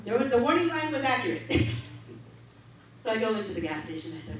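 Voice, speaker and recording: Animated woman preaching in an echoey hall. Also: mid-range voice, quick pace. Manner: animated, laughs often, acts out quotes. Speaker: minister giving a talk. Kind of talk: storytelling sermon. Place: large hall of a spiritual center. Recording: echoey hall, distant mic, faint hum.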